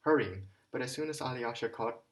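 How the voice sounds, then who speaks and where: A man's voice: medium pitch, a little fast, low-quality recording. A man reading a classic novel aloud as an amateur audiobook narrator, with occasional stumbles and rereads. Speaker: audiobook reader.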